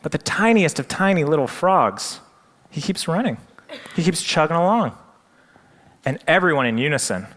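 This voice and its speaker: Male presenter, dramatic storyteller, slightly high voice, big hall echo. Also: sing-song, moderate pace, fairly bright tone.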